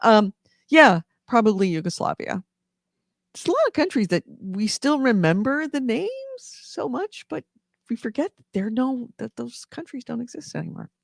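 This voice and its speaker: A man's voice: extremely high pitch, sing-song, moderate pace, gravelly, no echo, studio quality. A man from California co-hosting a casual gaming news podcast, rambling with many fillers and restarts. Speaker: podcast co-host.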